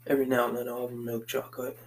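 Pacing back and forth in his basement, a Boston-area man hosts a casual solo podcast, drifting from thought to thought and swearing constantly. His mid-range voice stays monotone while he races along, and the recording is rough.

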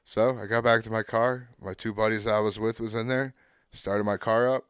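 A podcast co-host tells a laid-back story, swearing a lot and acting out what people said. His voice is fairly low, clear and resonant with a fairly bright tone, fairly even intonation and a moderate pace. The recording is dry and studio quality.

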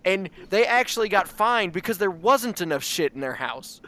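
High-voiced man spinning an absurd story. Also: moderate pace. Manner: rambling, restarts, animated absurd build-up. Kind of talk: improvised comic storytelling.

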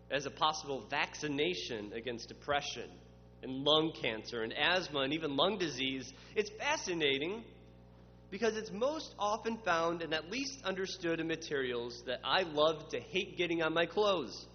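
A man's voice: fairly high pitch, animated, normal speed. A man preaching a sermon, building to emphatic spoken lists. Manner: dramatic voices for quoted questioners, builds to emphatic lists. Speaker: pastor. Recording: muffled, with long reverb and faint hum.

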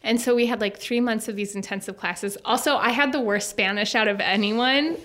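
A woman's voice: fairly high pitch, brisk. A young woman from Minnesota with a Minnesota accent, a podcast guest telling stories in casual chat, full of fillers. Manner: chatty, animated storytelling with many fillers.

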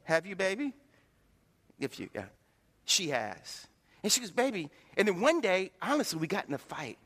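A middle-aged man preaches a folksy, joking sermon. His voice sits high and bright and swings widely as he acts out the lines of people he quotes. A long hall reverb hangs behind every word. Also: very animated, moderate pace. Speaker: pastor. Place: church sanctuary.

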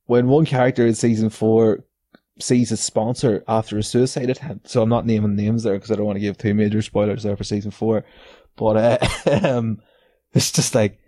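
Sweary man, low mellow voice. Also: dry recording. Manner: sweary, sardonic, laughs between lines. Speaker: podcast host. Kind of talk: casual solo rant.

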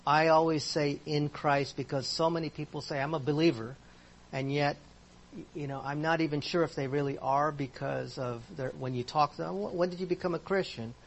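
Bible class teacher, man, somewhat high voice, chatty, quizzes the room. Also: flat delivery, moderate pace, vocal fry. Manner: conversational, asks the class questions.

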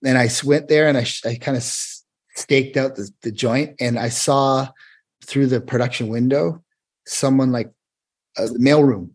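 A man's voice: medium pitch, moderate pace, husky. A man, a choreographer guest, telling a long rambling anecdote in casual chat. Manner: rambling, animated anecdote with restarts. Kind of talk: casual storytelling.

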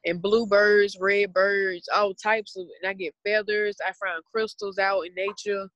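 A young woman with a Southern US accent talks in a loose, rambling, earnest way, as if in casual podcast chat. Her voice sits at a middle pitch. The sound is dry and close, with no room around it. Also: flat delivery, measured pace, fairly bright tone, dry recording, dull audio. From Southern United States. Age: 20s.

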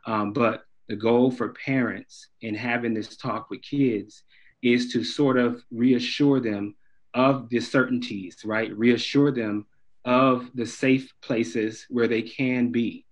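A man's voice: medium pitch, steady tone, slow. A man who is a guest therapist explains his points on a panel. He corrects himself as he goes, and his voice sits in the middle range. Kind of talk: panel discussion.

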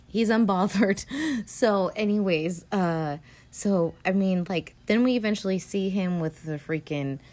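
With a mid-range, darkish voice, this woman hosts a podcast and goes through a film recap. She rambles casually, swears freely, and leans heavily on fillers.

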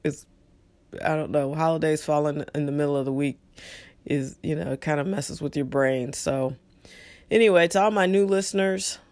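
A middle-aged man hosts his own solo podcast, talking casually and opinionatedly with lots of fillers and asides. His voice is a little high with a darkish tone, at a moderate pace.

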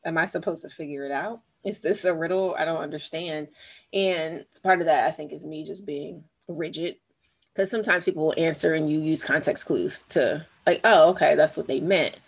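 A woman with a very low voice talks in relaxed podcast chat. She muses aloud, wanders through her point and questions herself as she goes. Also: moderate pace, slightly rough. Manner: thoughtful, rambling, self-questioning. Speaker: podcast co-host. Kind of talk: casual chat.

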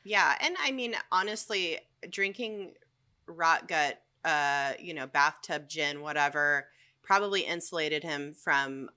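A young woman co-hosts a podcast in relaxed conversation, recounting events in a halting, rambling way filled with ums and restarts. Her voice is fairly low for a woman, yet bright in tone. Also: smooth. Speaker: podcast co-host. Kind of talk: casual chat.

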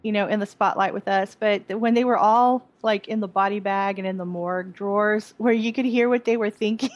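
A woman's voice: medium pitch, steady tone, a little fast, no room sound, rough recording. A woman co-hosting a podcast, chatting casually about a TV episode in a rambling way with many restarts. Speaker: podcast co-host. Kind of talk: casual chat reviewing a TV episode.

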